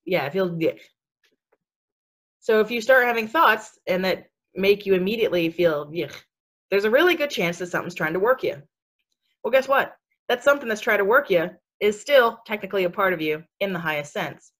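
This podcast's spiritual speaker has a medium-pitched voice with lively intonation and talks briskly. She keeps things casual and sassy, laughing a lot and using many fillers as she covers spiritual topics.

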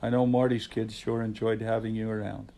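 Earnest fatherly man with a gravelly voice. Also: lowish voice, level tone, brisk, warm tone, poor audio. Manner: earnest, heartfelt and devout. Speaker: father of the hosts. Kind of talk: reading his letter aloud, then chatting.

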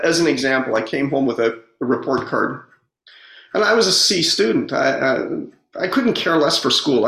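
Guy talking about his past, earnest and halting, voice goes up and down a lot. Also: a little high, creaky, a bit bright. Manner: halting, repeats words, earnest storytelling. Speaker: speaker on personal growth. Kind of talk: reflective casual talk. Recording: roomy echo.

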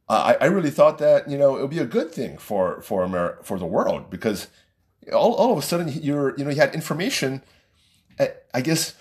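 A man's voice: medium pitch, a little mellow. Middle aged guy ranting casually, voice swings up and down a lot, exasperated. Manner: ranting, exasperated, repeats himself. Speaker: vlogger. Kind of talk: casual opinion rant.

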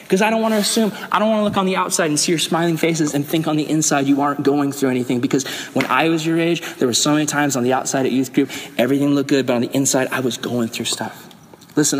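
A young man preaching a youth sermon, telling stories and acting out voices in lively bursts. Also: on the high side. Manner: animated storytelling, acts out quoted voices. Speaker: youth pastor. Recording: hall with long reverb.

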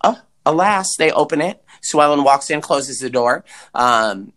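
A man co-hosting a podcast, chatting casually and swearing as he recaps a movie with big pitch swings for emphasis. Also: moderate pace, a bit bright. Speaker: podcast co-host.

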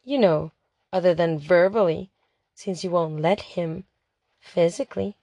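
A woman's voice: lowish voice, a little slow, mellow, no room sound, highs cut off. A woman voicing a superior, know-it-all teenage girl who lectures in an analytical way. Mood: lecturing.

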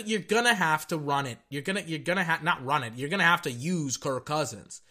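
A young man giving casual, rambling reaction commentary on a football game, excitable and tripping over his words. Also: fairly high pitch, brisk, hardly any pauses. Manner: excitable, rambling, stutters and repeats himself.

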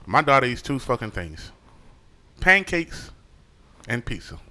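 A man telling stories in a podcast chat, animated and profane, acting out the lines of the people in his stories. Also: mid-range voice, measured pace. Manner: animated, profane, acts out quotes. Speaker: podcast co-host. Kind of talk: casual storytelling chat.

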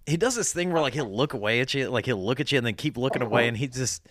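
A man's voice: medium pitch, animated, fast, very noisy. A man hosting a podcast, telling crude stories in casual chat, swearing a lot and laughing as he acts out his friends' lines. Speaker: podcast host.

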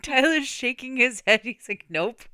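Woman cohost, bright smooth voice, mid pitch, lots of quick "oh my god" reactions, dry sound. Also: no room sound. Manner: reactive, quick exclamations and laughter. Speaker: podcast co-host. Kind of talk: casual chat.

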